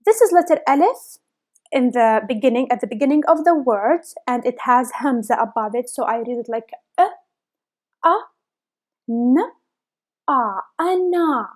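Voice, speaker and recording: A young woman teaching a beginner lesson, spelling sounds out letter by letter and repeating each word slowly. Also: on the high side, a little mellow. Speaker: language teacher. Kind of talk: slow, careful lesson.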